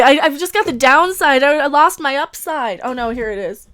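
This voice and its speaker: A woman hosts a livestream reaction, her voice set very high. She rants with feeling, swears freely and laughs between lines. Her tone is bright and sharp. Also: moderate pace, hardly any pauses. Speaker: livestream host reacting to a trailer.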